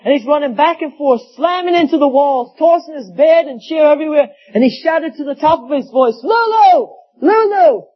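A man's voice: very high-pitched, fairly quick, few pauses. A man preaching a sermon, telling folksy stories with acted quotes. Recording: dull lo-fi sound.

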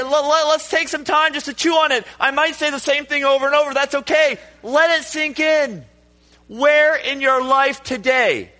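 Male preacher, high and bright voice, dynamic sermon delivery, light mains hum behind. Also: animated, normal speed. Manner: dynamic preaching, swinging from hushed to shouted. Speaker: pastor.

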